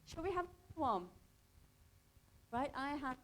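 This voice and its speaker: Woman, from Pakistan, somewhat high voice, workshop trainer, chatty, asks the group questions. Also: expressive, slow, a bit bright, poor audio. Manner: conversational, quizzing the group. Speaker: hospital volunteer trainer. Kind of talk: workshop teaching.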